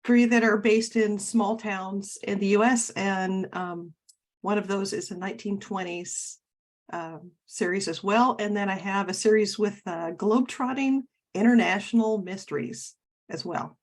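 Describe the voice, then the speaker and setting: A woman's voice: medium pitch, a little slow. Chatty woman from Oregon. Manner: warm, chatty and reminiscing, with fillers and restarts. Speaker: guest author. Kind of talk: casual interview chat.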